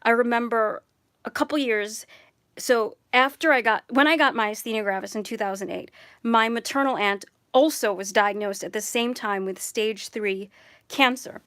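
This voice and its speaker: A young woman vlogger with a slightly high voice talks to her viewers in a chatty, rambling way. She goes off on side stories and fixes her wording as she talks. The sound is dry and close, with no room echo. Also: normal speed, a bit bright. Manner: chatty, digressive, self-correcting. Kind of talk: personal vlog talk.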